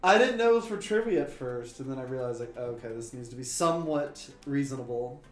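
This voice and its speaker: This is a man co-hosting an online trivia livestream, joking and rambling with plenty of "like." His mid-range voice is animated and he talks fast. The casual chat is recorded in a roomy space with echo and faint background music.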